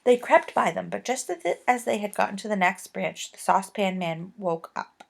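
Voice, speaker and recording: A woman reading a children's book aloud with gentle, expressive storytelling. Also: mid-range voice, normal speed, gravelly. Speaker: reader.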